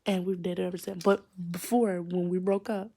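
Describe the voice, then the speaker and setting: A woman's voice: fairly low pitch, flat delivery, normal speed, mellow. A teenage girl chatting through a rambling storytime, dropping to a whisper for secrets. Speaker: vlogger. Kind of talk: casual storytime chat.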